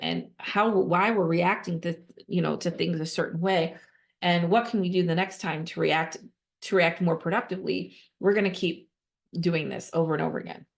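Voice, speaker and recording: Speaking in a fairly low, creaky voice, a nonprofit fundraising consultant gives advice on a podcast in a conversational style. She repeats herself emphatically, makes quick restarts, and leans on rhetorical questions.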